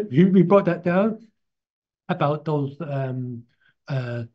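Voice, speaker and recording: A man teaching a casual spoken lesson, slow and halting, repeating himself as he explains and chanting drawn-out syllables to show them. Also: fairly high pitch, animated. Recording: dull lo-fi recording.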